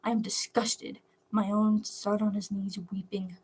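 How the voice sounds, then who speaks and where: A harsh disdainful god dad, put on by a woman reading a fan story, breathy and quiet, each word cold and cutting, told as an audiobook-style story reading. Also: mid-range voice, level tone, a little slow. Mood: contemptuous. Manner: scornful, cutting. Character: cold cruel god father, contemptuous.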